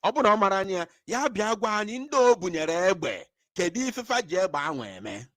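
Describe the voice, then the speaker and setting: Emphatic male commentator, slightly high voice, very animated delivery. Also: fast, dry recording, studio quality. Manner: fiery, emphatic, mixes Igbo and English. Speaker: political commentator. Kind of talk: impassioned commentary.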